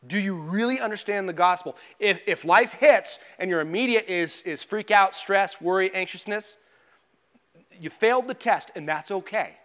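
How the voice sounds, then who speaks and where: A man with a notably high voice preaches a sermon in a relaxed, conversational way. He pokes fun at himself and acts out quick inner voices, some panicked and some calm. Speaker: pastor.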